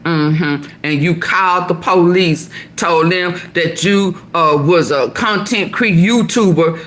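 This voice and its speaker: A woman giving casual gossip commentary, animated and laughing often. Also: slow pace. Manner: animated, laughs often, mimics with shrieking high voice. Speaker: commentary vlogger.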